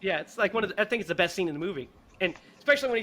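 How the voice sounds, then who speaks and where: Animated, bright-voiced male podcast host. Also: high-pitched, racing, few pauses. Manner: animated, profane, laughing retelling. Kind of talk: casual movie review chat.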